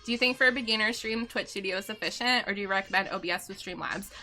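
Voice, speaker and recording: A woman's voice: mid-range voice, rapid-fire, sharp tone. A middle-aged woman streaming live from home, chatting casually, answering viewer questions and laughing often.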